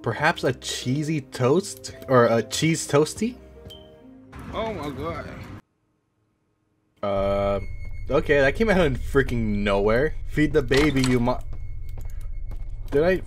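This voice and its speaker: A man's voice: medium pitch, lively intonation, a little slow. A man commentating a horror game as a gaming YouTuber, reacting jumpily with repeated exclamations. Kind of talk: let's play commentary. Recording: game music playing behind the voice.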